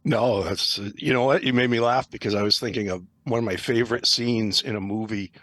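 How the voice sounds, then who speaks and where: A man's voice: lowish voice, fairly even intonation, a little fast, fairly bright tone, no echo. A man who regularly joins a podcast, telling rambling stories in casual chat with lots of fillers. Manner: rambling storyteller, many fillers.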